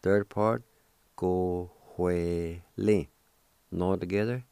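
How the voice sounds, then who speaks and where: A man with a very low voice teaches vocabulary at an unhurried pace, patiently spelling every letter and repeating each word. His tone is dark and mellow, and the recording is close and dry. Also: steady tone, smooth, dry recording. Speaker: radio host teaching the language. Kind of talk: slow spelled-out language lesson.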